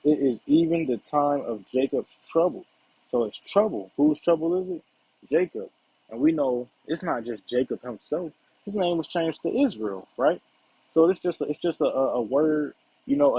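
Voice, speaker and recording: Dark, husky man teaching scripture. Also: medium pitch, sing-song, moderate pace, dry recording. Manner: conversational, keeps checking in with "right?" and "all right". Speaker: Bible teacher. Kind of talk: casual scripture lesson. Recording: dull lo-fi recording.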